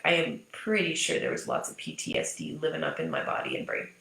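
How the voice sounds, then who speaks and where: A woman's voice: deep voice, quick pace, creaky. Candid, swearing woman coach in an echoey room. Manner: candid and animated, swears freely, emphatic repetition. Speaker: business mindset coach. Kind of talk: casual motivational talk to camera.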